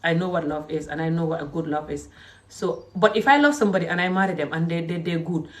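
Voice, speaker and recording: A woman with a Gambian English accent giving a heated, indignant vlog rant that swings between shouting and low muttering. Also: fast. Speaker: vlogger. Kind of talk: heated ranting monologue.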